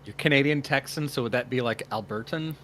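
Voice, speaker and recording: A man's voice: medium pitch, brisk, a bit bright. A man co-hosting a casual livestream, making dry offhand quips.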